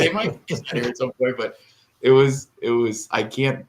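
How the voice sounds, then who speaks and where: A man's voice: mid-range voice, brisk, slight background noise. A middle-aged man co-hosting a podcast, telling a long, rambling, emotional story in casual chat and tearing up. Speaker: podcast co-host.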